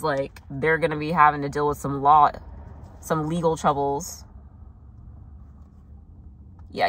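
A chatty young woman giving a tarot reading with a slightly low voice. She talks loosely and casually, full of fillers, quick asides and mock quotes of what others say. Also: fairly bright tone. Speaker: tarot reader.

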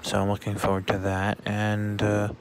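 A man talking casually in a vlog, halting often with fillers and restarts. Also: lowish voice, monotone, a little hiss or hum. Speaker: vlogger.

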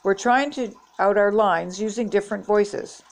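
A woman's voice: mid-range voice, normal speed, natural voice. An older woman reading a storybook aloud, voicing a boastful young schoolboy close to her own voice.

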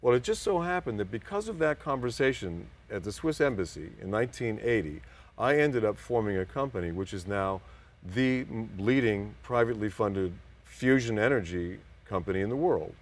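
An older man with a fairly low voice sits in as an interview guest. He talks in a relaxed, casual way and drifts through rambling anecdotes. He slips into other people's voices as he tells them. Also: normal speed.

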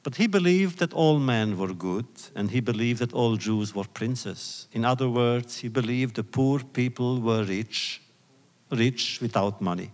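A man giving a public lecture, retelling old rabbinic stories in a slow, deliberate, reflective way. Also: medium pitch, darkish tone. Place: lecture hall. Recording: long hall reverb.

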